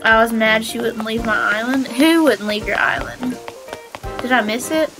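A young woman with a high voice hosts a live game stream and chats with viewers in an excitable, giggly way. She sounds a little stuffy from allergies. Game music plays clearly behind her. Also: moderate pace, low-quality recording. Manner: excitable, giggly, squeals when finding players.

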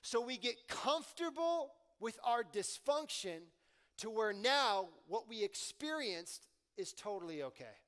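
A man with a fairly high voice preaches a sermon to his church. He talks in a casual, slangy way, pushing loud and emphatic on his questions and dropping to quiet asides. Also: very animated, unhurried. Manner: conversational preaching with slang and swings in volume. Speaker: pastor.

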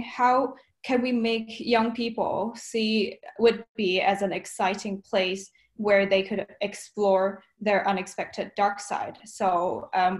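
A female student presenting a campaign pitch on a video call, upbeat with many fillers. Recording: echoey room on a video call.

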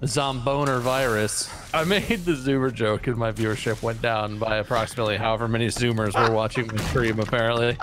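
A man playing a co-op survival game with friends, chatting casually and breaking into excited yelps and loud outbursts. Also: mid-range voice, fairly quick, few pauses, background noise. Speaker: co-op gaming streamer. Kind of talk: casual gameplay chat.

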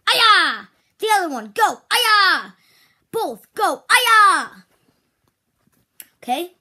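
A woman voicing a strict female toy karate teacher in make-believe play, switching between loud drill shouts and whispers. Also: a little high, husky, full character voice.

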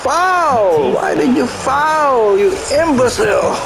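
A man's voice: very high-pitched, very animated, slow pace, gravelly. A man playing a basketball video game, mocking his opponent with taunts and laughter. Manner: mocking trash talk, frequent laughter. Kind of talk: taunting live gameplay commentary. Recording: game crowd noise behind voice. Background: basketball game crowd noise.

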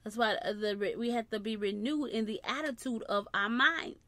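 A woman preaching a sermon, constantly breaking in with short praise phrases and dropping to soft murmurs between points. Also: fairly high pitch, normal speed, no echo.

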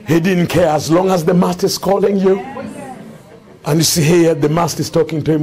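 A man preaching a fervent sermon in a church, often shouting. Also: high-pitched, moderate pace, long pauses. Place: church with congregation. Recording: congregation responding behind.

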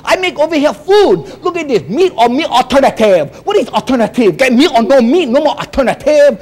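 A comedian playing a rambling school cook who complains in Hawaiian Pidgin. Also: male voice, very high-pitched, very animated, fairly quick, a little mellow, full character voice. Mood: grumbling. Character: grumbling older male school cook. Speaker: comedian doing a character. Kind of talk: sketch comedy.

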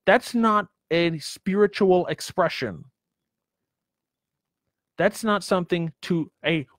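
A man's voice: fairly high pitch, dry recording. A man preaching a sermon, emphatic, with many rhetorical questions and repeated words.

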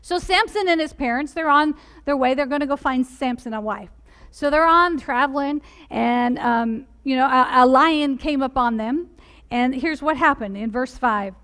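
High-voiced woman preaching earnestly. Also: normal speed, a bit bright, smooth. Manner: earnest, asks the listeners many direct questions. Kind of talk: sermon. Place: church sanctuary.

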